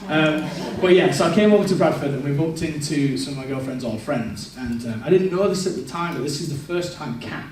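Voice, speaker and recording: A man's voice: on the high side, fairly quick, few pauses, a little mellow, a little hiss or hum. A man giving a candid personal testimony in a church service, telling his story and acting out what he said back then. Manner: candid, storytelling, quotes his past self. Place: large echoey church hall. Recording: echoey church hall, distant mic.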